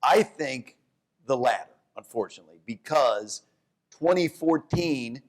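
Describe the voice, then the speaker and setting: A man, an economics professor, talking economics onstage at a live event, animated, often restarting his sentences. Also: unhurried. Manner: animated storyteller, jumps to high voices for quotes; restarts and self-corrections. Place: downtown event hall with live audience.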